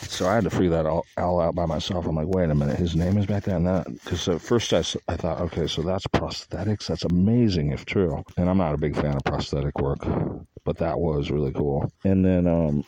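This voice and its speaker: A man with a very low, mellow voice rambles through a casual monologue, swearing freely and drifting from one story to another. The recording is dry and close. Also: dry recording. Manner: meandering, profane, jumps between stories.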